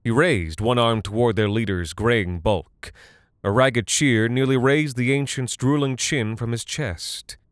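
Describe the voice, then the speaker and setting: Brief: male audiobook narrator, unhurried and deliberate, deep voice, dry studio sound. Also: clean tone, dry recording. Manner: measured, deliberate storytelling.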